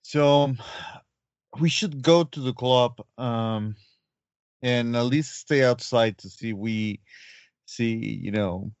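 A man voicing a brooding Russian man with a Russian accent, formal and deliberate, in a tabletop role-play game. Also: mid-range voice, no room sound, highs cut off. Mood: earnest. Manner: slow, deliberate and formal, Dracula-like. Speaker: player.

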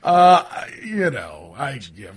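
A man narrates a tabletop role-playing session as its game master, stumbling through fillers and repeated words. His pitch moves a lot as he goes. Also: huge pitch swings, slow pace. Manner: hesitant, many fillers and restarts.

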